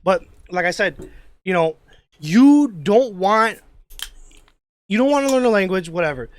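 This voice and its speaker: A podcast host with a high-sitting voice and lively intonation speaks unhurriedly in casual chat, delivering a profane, rambling rant full of restarts.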